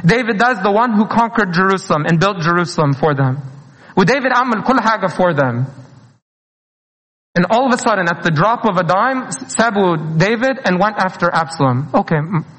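A man's voice: high voice, animated, fast, fairly bright tone. A man preaching a sermon, earnest and pleading, slipping in phrases and chuckling between lines. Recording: long hall reverb.

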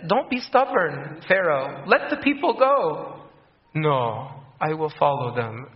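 A man's voice: fairly high pitch, sing-song, slow pace. A man preaching a sermon, earnest, repeating key phrases and acting out the voices of people in his stories. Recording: echoey room, dull lo-fi sound.

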